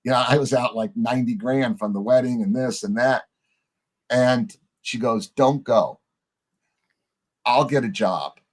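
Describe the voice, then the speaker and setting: A middle-aged man, a podcast guest, telling a story in a lively way, acting out the lines of the people in it and swearing casually. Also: mid-range voice, measured pace, long pauses. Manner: animated storyteller, acts out quoted dialogue, swears casually.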